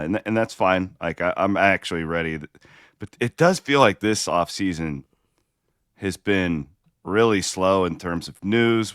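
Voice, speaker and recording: A middle-aged man with a very low voice chats casually as a sports podcast co-host. He talks loosely, often restarting his sentences and poking fun at himself. The sound is dry and close to the mic. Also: a bit bright, clear, resonant tone, no echo. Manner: chatty, self-deprecating, frequent restarts.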